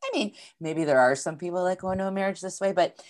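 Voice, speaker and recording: A woman's voice: on the low side, quick pace. A woman in her forties in a casual podcast conversation, rambling with lots of likes and restarts. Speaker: podcast host.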